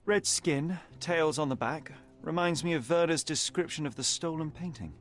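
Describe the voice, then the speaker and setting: A man voicing a composed, precise detective in a video game, with soft game music behind. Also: fairly high pitch, moderate pace, close to an everyday voice. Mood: analytical. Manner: precise, deductive. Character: sharp, composed male detective.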